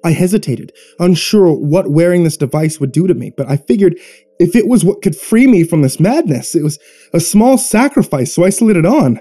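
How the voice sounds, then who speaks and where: A man hosting his channel, narrating a first-person horror story with dramatic, tense pauses. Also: high voice, expressive, mellow, breathy edge.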